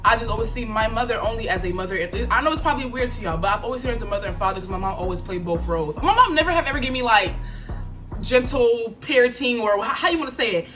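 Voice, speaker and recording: A young woman telling a story to her viewers in a casual, slangy, animated way. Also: on the high side, fast talker. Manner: animated, slangy, frequent laughs and acted quotes. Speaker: storytime vlogger. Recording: background music under the voice.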